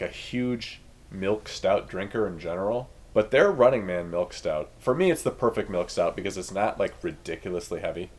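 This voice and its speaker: A man co-hosting a casual podcast chat, joking and laughing easily. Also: low-pitched. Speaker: podcast co-host. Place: Chicago area.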